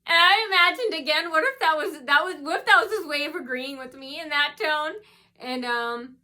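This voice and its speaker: Woman rambling through a story at home, fairly high voice, really bright and sharp. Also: normal speed. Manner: rambling and hesitant, many ums and restarts. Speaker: vlogger. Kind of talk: casual storytelling monologue.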